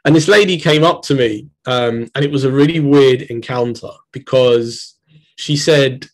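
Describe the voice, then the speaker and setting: A young man with a London accent, a poet giving a reading and talking between poems in a measured, reflective way. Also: medium pitch, rough recording. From Britain. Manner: measured, reflective, hesitant asides. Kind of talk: poetry reading with spoken asides.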